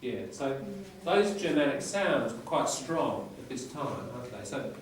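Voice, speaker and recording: A man teaches an English class, lecturing and reading aloud in short phrases while checking in with his students. His medium-pitched voice is very animated and unhurried, captured from far off in an echoey classroom with slight hiss or hum.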